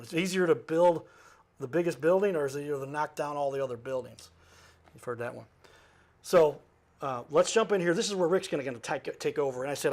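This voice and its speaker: A fairly high-voiced man telling a story in a casual way. He jumps from one aside to the next and often corrects himself mid-sentence. He laughs now and then as he talks, like a talk show host sitting in the guest's chair. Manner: animated, jumps between asides and self-corrections.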